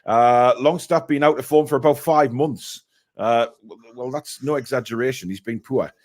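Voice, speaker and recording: A man's voice: mid-range voice, normal speed, darkish tone. A man hosting a casual live stream, reading out viewer messages and giving blunt opinions.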